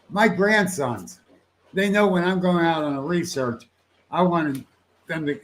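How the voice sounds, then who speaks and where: Answering viewers on his casual livestream, an older host with a slightly high voice rambles folksily. Frequent laughter and the occasional swear word punctuate his talk.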